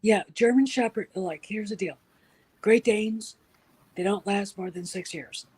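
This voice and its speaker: A woman with a husky, breathy voice tells stories in casual chat. She is animated and often drops into a soft whisper. Her pitch sits in the middle. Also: measured pace, rough recording.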